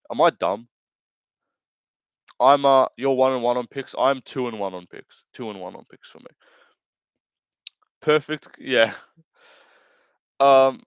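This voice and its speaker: Medium in pitch, with the highs cut off and no room sound, a young male streamer reads chat out loud. He rambles through crude jokes as he comments casually, often laughing and correcting himself.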